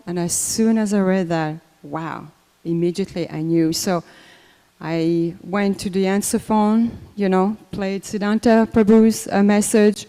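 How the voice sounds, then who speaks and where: An older woman giving a personal memorial talk, unhurried and conversational, with many fillers and restarts. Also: medium pitch, mellow. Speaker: memorial speaker. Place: temple hall. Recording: echoey hall reverb.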